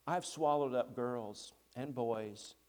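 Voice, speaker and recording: A man voicing a stern, ancient male lion in a storybook reading during a sermon, speaking low, quiet and unhurried. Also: long reverb tail, close to an everyday voice.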